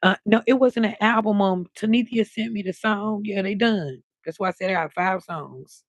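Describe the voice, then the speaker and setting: At medium pitch and normal speed, a woman hosts a relaxed late-night livestream in a dry recording. She talks freely, says hello to viewers by name, and draws out her words.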